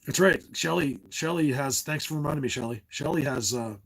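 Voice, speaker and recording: A husky middle-aged man from New Jersey hosts a casual live stream, talking straight to his chat. He drifts from one tangent to the next and laughs often along the way. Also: a little high, fairly quick, a bit bright, low-quality recording. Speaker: livestream host.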